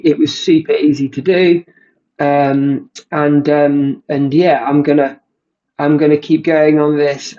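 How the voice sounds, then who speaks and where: A man walks through a software demo in a relaxed, halting way, stopping often on ums and restarting his sentences. His voice sits a little high for a man. The sound is a bit dull and muffled, as if from a basic desk mic. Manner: halting, many ums and restarts, self-described non-coder. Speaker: tutorial presenter. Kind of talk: casual screen-recorded walkthrough. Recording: muffled audio.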